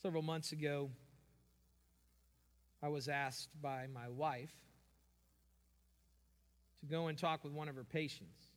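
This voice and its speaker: A man preaching a sermon as pastor, building to slow, emphatic peaks. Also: fairly high pitch, fairly even intonation. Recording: long hall reverb.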